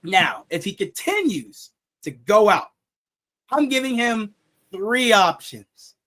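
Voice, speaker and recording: A young man with a high voice hosts a casual sports talk show. He jokes, laughs at his own jokes and repeats his words as he goes. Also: big pitch swings, slow pace, sharp tone. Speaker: show host.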